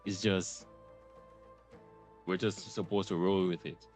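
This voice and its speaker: Profane, excitable young male streamer. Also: sits low, slow, faint music behind. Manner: profane, excitable, laughing through his words. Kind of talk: casual game reaction commentary. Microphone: desk microphone.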